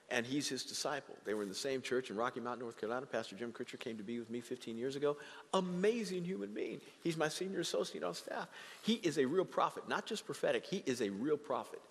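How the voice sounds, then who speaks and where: A man preaching a sermon as pastor, animated and dramatically acting out the voices he quotes. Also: medium pitch, a little fast, big-room sound, slight background noise. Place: church sanctuary.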